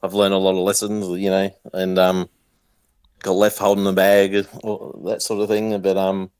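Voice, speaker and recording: A man's voice: sits low, monotone, normal speed, a little mellow, smooth, no echo. A man with an Australian accent chatting casually as a caller, hesitant with many ums. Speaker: viewer calling in. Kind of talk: casual chat.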